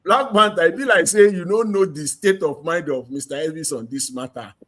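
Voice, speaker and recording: Nigerian Pidgin-speaking man, husky, slightly high, teasing questioner. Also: a little fast, a bit bright. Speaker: panelist. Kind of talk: heated group discussion.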